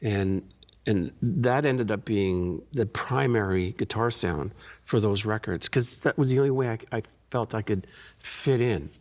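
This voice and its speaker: A man, a guitarist being interviewed, who talks in a relaxed, thoughtful way and often repeats and restarts his words. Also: fairly low pitch, unhurried.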